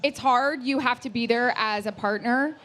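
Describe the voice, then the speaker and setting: Excitable, blunt woman podcast co-host. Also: fairly high pitch. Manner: excitable, blunt, quick advice. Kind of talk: live podcast Q&A. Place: live event stage.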